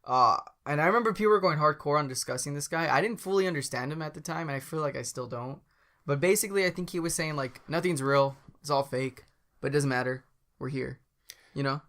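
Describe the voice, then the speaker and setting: A man's voice: on the high side, quick pace, bright, forceful tone. A man co-hosting a podcast in casual chat, rambling with lots of fillers and restarts. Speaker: podcast co-host.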